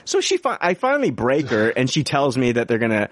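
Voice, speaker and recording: A man's voice: a little fast, no room sound. A man telling a long, exasperated story in casual chat, swearing constantly. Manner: heavy swearing, exasperated, lively pitch.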